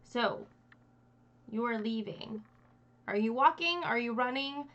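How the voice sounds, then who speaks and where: A woman's voice: on the high side, slow pace, a bit bright, muffled recording. A woman running a tabletop game as game master, narrating casually with fillers and restarts.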